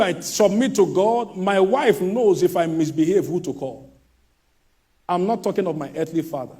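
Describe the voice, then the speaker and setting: Emphatic preacher man with a lively, high voice. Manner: emphatic, swings from loud shouts to low asides; mimics others' voices mid-sermon. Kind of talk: sermon.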